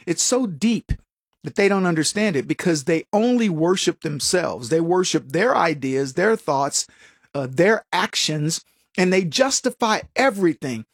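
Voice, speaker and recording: A man's voice: high-pitched, unhurried, no room sound, clean studio sound. A man hosting a political talk show, delivering a casual, sarcastic commentary monologue full of restarts and chuckles at his own jokes. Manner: animated and sarcastic, with frequent restarts.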